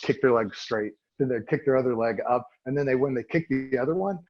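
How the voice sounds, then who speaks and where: Male comedian guest, raspy, laid-back, self-deprecating; muffled lo-fi audio. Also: mid-range voice, brisk. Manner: relaxed, self-deprecating, trailing restarts. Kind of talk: casual interview chat.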